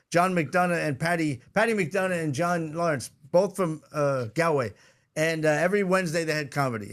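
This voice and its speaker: A stand-up comedian chatting casually and telling a story, acting out what people said. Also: male voice, fairly high pitch. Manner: animated anecdote-telling, acts out quoted lines. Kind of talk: casual chat, telling stories.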